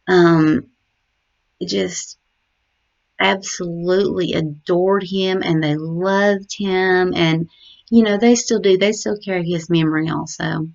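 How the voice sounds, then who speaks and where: Woman, middle-aged, grieving mother, slow halting speech, gravelly, dull lo-fi recording. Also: lowish voice. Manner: halting, many pauses and fillers, tender. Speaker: grieving mother remembering her son. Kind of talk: personal memorial reflection.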